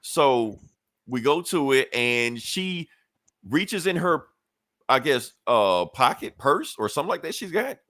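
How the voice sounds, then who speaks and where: A man's voice: medium pitch, very animated, a little slow, fairly bright tone, dry recording, studio quality. A man on a podcast casually retelling a comic book story, loose and profane, laughing often. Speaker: podcast co-host.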